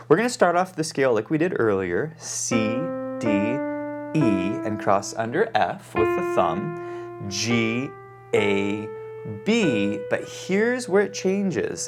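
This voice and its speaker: A man giving a piano lesson, calling out note names and fingerings as he plays, checking in with the student. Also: mid-range voice. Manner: calls out note names while playing, frequent "okay?" check-ins. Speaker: piano teacher. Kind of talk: piano lesson, demonstrating at the keyboard. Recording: loud piano playing under the voice.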